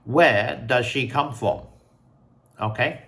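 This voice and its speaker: A man hosting a picture quiz, talking slowly and deliberately and putting questions to the viewer. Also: medium pitch, creaky, fairly bright tone. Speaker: show host. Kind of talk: casual commentary quiz to camera.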